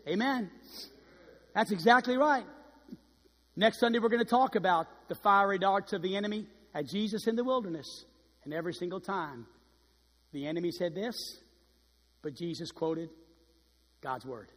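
A middle-aged man preaching a sermon as pastor, dynamic, swinging between hushed and loud delivery. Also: sits high, animated, normal speed, pauses often, breathy edge, in a large hall. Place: church sanctuary.

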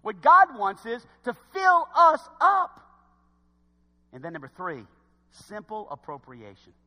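A man preaching a sermon in church, swinging from quiet asides to loud exhortation. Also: very high voice, wildly swooping pitch, a little slow, long reverb tail.

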